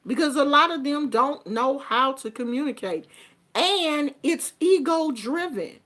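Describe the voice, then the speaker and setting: An older woman speaks in an unhurried, conversational monologue, sharing family advice in an earnest, reflective way. Her voice sits a little high for a woman, and she takes her time over every thought. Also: animated, a bit bright. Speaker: vlogger giving life advice. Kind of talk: casual monologue.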